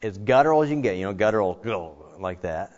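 A man preaching a sermon in a conversational, animated way, with frequent fillers and restarts. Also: lowish voice, fast, dull audio. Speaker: pastor.

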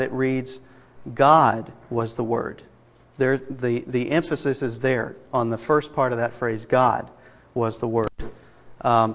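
Man, preacher, sermon, emphatic, medium pitch, long hall reverb. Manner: emphatic, stresses single words, reads scripture aloud. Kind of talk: expository sermon.

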